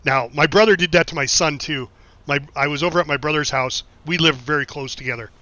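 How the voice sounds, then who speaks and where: A middle-aged American game streamer chats casually on a live stream, reading chat and spinning rambling anecdotes full of swearing and laughing asides. His voice runs high and a little fast, bright and forceful, captured on a dull lo-fi mic with a dry sound and no echo.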